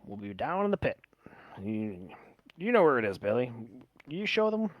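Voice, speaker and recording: A man voicing a polite male drow fight promoter with smooth salesman patter. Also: medium pitch, very animated, normal speed, no echo, close to an everyday voice. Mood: businesslike.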